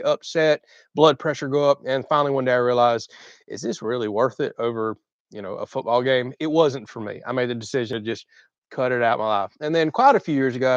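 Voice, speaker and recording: A man with a deep Southern Florida drawl, casually reading and answering viewers' questions on a livestream. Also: no room sound, highs cut off. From Southern United States. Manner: relaxed, reads viewer questions aloud and chats. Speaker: co-host of a channel livestream.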